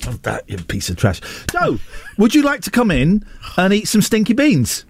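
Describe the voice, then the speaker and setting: A man's voice: high voice, wildly swooping pitch, moderate pace, a little hiss or hum. A man hosting a radio show, giggly and rambling in playful studio banter.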